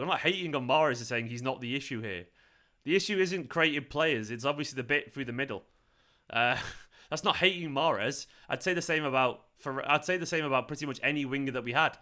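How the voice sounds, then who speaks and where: Speaking at a medium pitch with a sharp tone, the fan channel host streams a football watchalong despite being tired and hungover. He swears a lot and snaps back at his chat in frustration.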